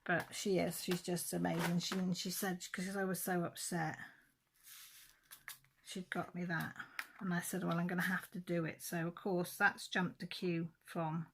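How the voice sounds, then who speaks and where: A middle-aged woman talks casually into her camera at home. Her voice is low and gravelly, and she rambles through her story with emotion and frequent restarts. A faint hiss sits under her voice. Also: flat delivery, a little slow. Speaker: diamond painting vlogger. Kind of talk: casual chat.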